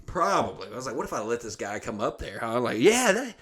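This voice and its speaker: Crude, animated male storyteller. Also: mid-range voice, fast, slightly rough. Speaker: comedian host. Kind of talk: casual storytelling chat.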